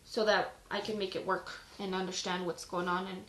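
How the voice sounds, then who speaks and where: A woman's voice: medium pitch, little pitch movement, moderate pace, reverberant, poor audio. A woman hosting a casual live-streamed Bible reading, reading passages aloud and then talking them through in a chatty way full of "like". She is out of breath. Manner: chatty, lots of "like" fillers. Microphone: phone on a live stream.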